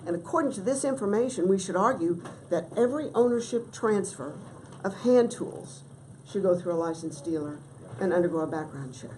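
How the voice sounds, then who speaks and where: A middle-aged woman giving formal testimony at a legislative hearing, measured and emphatic, stressing key words. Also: on the low side, a little mellow, slight background noise, low-quality recording. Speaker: testifying witness.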